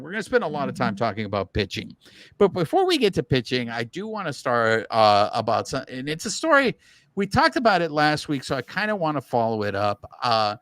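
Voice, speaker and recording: A man's voice: medium pitch, fairly bright tone, no room sound. A man co-hosting a baseball podcast, chatting casually and animatedly, often restarting his sentences. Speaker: podcast co-host. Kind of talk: casual sports chat.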